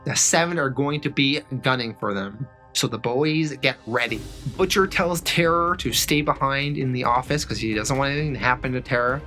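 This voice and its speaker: A man's voice: mid-range voice, normal speed, sharp tone, faint music behind. A man casually retelling a comic book story, chaining events with "and then". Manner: loose, repeats "and then".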